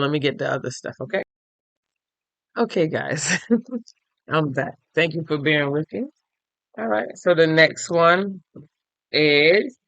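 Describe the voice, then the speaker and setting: A tired, yawning man hosting a crochet and knitting podcast, chatting casually as he shows his items to viewers and thinks out loud. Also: a little high, clean tone, no echo. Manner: chatty, thinks aloud, addresses viewers directly. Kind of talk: casual show-and-tell chat.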